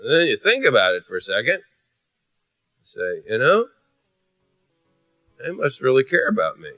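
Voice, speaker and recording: A man's voice: medium pitch, normal speed, dry recording, phone-quality sound, soft background music. A man preaching with humor, telling a story and acting out the voices of its people. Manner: animated, acts out voices, shifts from hushed to loud.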